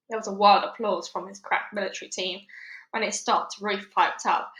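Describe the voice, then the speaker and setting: A woman reading a children's book aloud to listeners in a friendly, expressive way. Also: medium pitch, moderate pace, echoey room, rough recording. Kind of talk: read-aloud storytelling.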